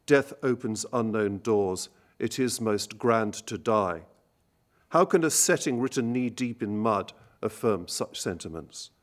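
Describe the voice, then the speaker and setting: A man speaks at an evening recital, mixing a literary lecture with poems read aloud. His delivery is measured and deliberate, and he slows down to dwell on quoted lines. His voice sits at a middle pitch. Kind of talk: lecture with poetry reading.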